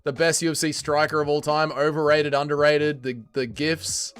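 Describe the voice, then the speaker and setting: A man's voice: fairly high pitch, level tone, normal speed, fairly bright tone, smooth. A man hosting a casual livestream, reading chat aloud and bantering with it, swearing and exasperated.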